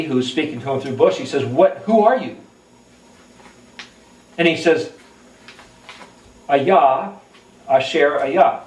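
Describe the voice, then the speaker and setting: A man with a slightly high voice teaches from scripture. He spells out Hebrew letters one by one and thinks aloud as he explains. The sound carries a roomy echo from a mic set some distance away. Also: a little mellow. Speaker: Bible teacher. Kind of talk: recorded Bible teaching. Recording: echoey room, mic at a distance.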